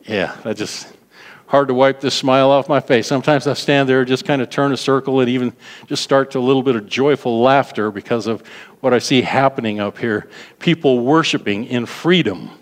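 A man preaching a sermon to a congregation, animated, repeating words for emphasis and prompting them to respond. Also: medium pitch, moderate pace. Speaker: pastor. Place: large hall. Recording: long reverb of a large hall.

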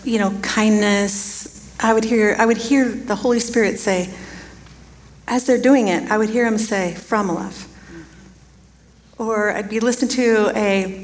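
A woman preaching a sermon, telling a personal story in a chatty way, laughing often and acting out quoted dialogue. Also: on the high side. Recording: reverberant hall.

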